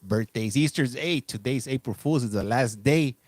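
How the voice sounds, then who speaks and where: A man's voice: medium pitch, moderate pace, no room sound. A middle-aged man hosting a casual live stream, chatting loosely and greeting viewers by name. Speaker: livestream host.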